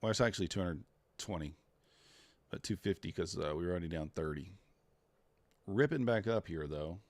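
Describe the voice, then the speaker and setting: A man's voice: low-pitched, expressive, normal speed, dry recording. A man trading futures live on a stream, talking to himself and to the chat, groaning at each loss and muttering over the charts. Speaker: live-streaming day trader.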